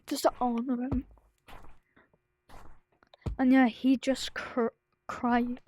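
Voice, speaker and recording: Vlogger, woman, grieving and near tears; slow, faltering delivery with fillers and restarts. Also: sits high, little pitch movement, a little hiss or hum, poor audio. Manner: halting, full of restarts and fillers, drifting into soft whispers. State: grieving, close to tears, sad voice. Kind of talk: personal confessional vlog.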